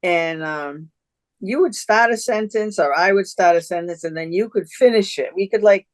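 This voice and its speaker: A woman's voice: mid-range voice, normal speed, dry recording, clean studio sound. A woman artist, a podcast guest, chatting casually and recalling old times with a friend. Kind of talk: casual conversational interview.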